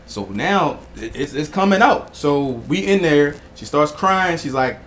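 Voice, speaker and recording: A man, chatting casually and telling a story as a father, acting out quotes in a higher voice. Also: a little slow, slight background noise. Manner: animated storyteller who acts out quotes in a higher voice. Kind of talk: casual podcast conversation.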